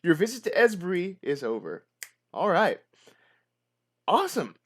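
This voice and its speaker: A man's voice: high-pitched, wildly swooping pitch, a little slow, a bit bright. A man narrating a solo horror tabletop adventure and then chatting about it in an upbeat way, with many fillers.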